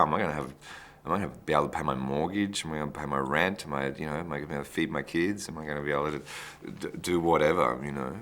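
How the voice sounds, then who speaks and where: Brief: very low-voiced man, interview, loose anecdotal delivery. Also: pushed and bright. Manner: chatty, anecdotal, restarts phrases. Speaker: actor interviewee. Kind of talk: behind-the-scenes interview.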